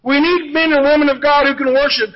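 High-voiced preacher on dull lo-fi audio. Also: male voice, fairly even intonation, quick pace. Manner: storytelling preacher, jokey asides then earnest. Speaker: pastor. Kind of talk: sermon.

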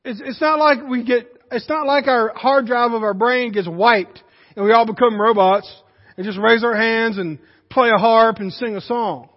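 A man's voice: very high-pitched, steady tone, normal speed. A man preaching a sermon in a church, emphatic and conversational, with joking asides to the congregation. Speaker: pastor. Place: church sanctuary. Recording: reverberant hall, dull muffled sound.

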